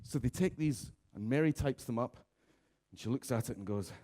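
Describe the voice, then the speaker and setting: A man giving a comic conference keynote, lively, slipping into raised voices to mimic office characters. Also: mid-range voice, moderate pace. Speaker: conference speaker. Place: conference stage.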